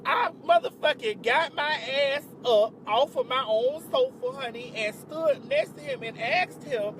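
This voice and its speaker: A high-pitched woman with a drawl spins a storytime for her vlog. She talks sassy and profane, piling on dramatic outbursts of disbelief. A faint hum of background noise sits under her voice. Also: big pitch swings, a little slow, hardly any pauses. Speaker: vlogger.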